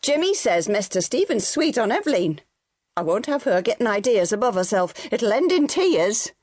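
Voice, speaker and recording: A woman voicing a sharp-tongued, protective farm mother who snaps her disapproval, pitched above her own voice. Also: sing-song, normal speed, no echo, studio quality. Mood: sharp disapproving. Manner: snapping, disapproving.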